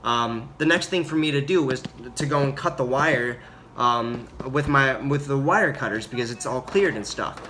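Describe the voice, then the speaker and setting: A young man telling a story about his time as a Marine in a casual, rambling way, full of fillers and loud acted-out quotes. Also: medium pitch, moderate pace, poor audio. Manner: rambling, filler-heavy, acts out quotes loudly. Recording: audible background noise.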